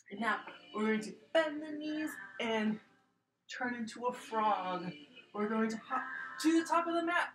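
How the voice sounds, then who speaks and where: A young woman teaching a gentle, playful yoga class to preschool children, coaxing them along as she guides each pose. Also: a little high. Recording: echoey room with faint music.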